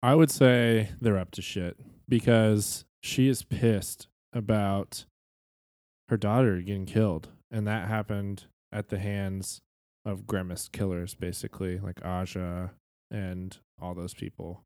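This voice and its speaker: A man co-hosting a casual fan podcast, chatty and quick to laugh, swearing now and then. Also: fairly low pitch, fairly even intonation, darkish tone, no room sound, studio quality. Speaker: podcast co-host.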